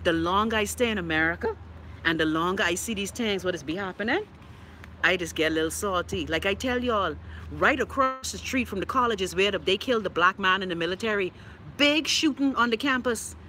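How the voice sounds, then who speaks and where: A sassy Bahamian woman hosts a casual live stream and reads her viewers' comments aloud. She talks bluntly, swears freely and laughs often, and her voice has a bright, forceful edge. A faint noise runs under her. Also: mid-range voice, fairly quick. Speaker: livestream host reading viewer comments.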